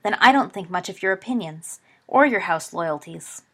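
A woman's voice: lowish voice, lively intonation, moderate pace. A woman voicing a cocky teenage schoolboy wizard who snarls scornful remarks, in an audiobook story.

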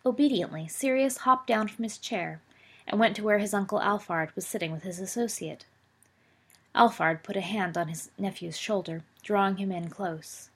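A woman reading a story aloud as a narrator, in a steady, expressive way. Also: medium pitch, moderate pace, breathy edge. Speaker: audiobook reader.

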